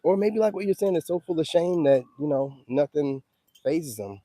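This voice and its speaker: A man hosting a livestream in a loose, emphatic chatting style, forever checking that his listeners follow him. His voice is very dark and mellow, and the sound is dry and close, with no room around it. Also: on the high side, expressive, normal speed, no room sound. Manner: loose, emphatic, keeps asking "you know what I'm saying". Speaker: livestream host. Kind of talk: casual livestream chat.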